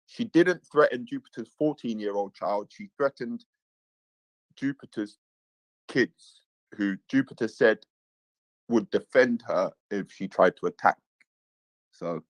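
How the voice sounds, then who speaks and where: A man's voice: fairly low pitch, no echo, poor audio. Man, live-stream host, casual chat, repeats himself, dry close sound. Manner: repeats his lines, reads chat aloud, laughs often. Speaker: livestream host.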